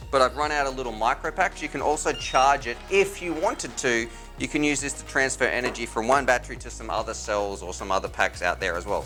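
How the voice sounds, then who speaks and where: A man's voice: mid-range voice, fairly bright tone. A man hosting a casual product review, chatty and enthusiastic with informal slang. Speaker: tech reviewer and channel host.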